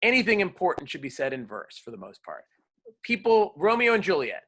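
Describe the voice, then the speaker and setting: Bright-voiced male drama teacher. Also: high voice, brisk. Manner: lively, explains and quizzes students. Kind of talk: classroom lecture.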